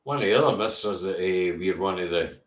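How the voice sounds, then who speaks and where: A man's voice: deep voice, fairly quick. A man with a Scottish accent hosting a casual live stream, blunt and sweary, answering viewers' comments by name. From Scotland. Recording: roomy echo.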